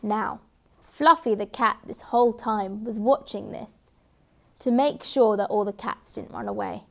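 Gentle woman reading a children's story. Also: a little high, a little slow. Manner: gentle, expressive, with emphatic repeats.

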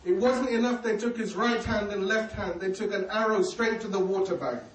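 A high-pitched man preaches a mourning sermon at normal speed, telling a story full of emotion and grief. The distant mic picks him up in an echoey hall with faint ambience.

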